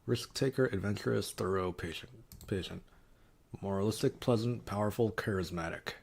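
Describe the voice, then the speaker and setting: A man's voice: fairly low pitch, normal speed, creaky. A man streaming casually, reading quiz options aloud and muttering wry, sarcastic asides.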